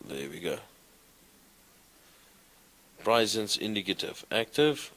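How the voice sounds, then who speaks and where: A man teaching a class, explaining grammar slowly and reciting verb forms in a sing-song way. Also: on the low side, big pitch swings, fairly bright tone, slight background noise. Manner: slow, deliberate, recites conjugations in a sing-song. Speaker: lecturer. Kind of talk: classroom lecture.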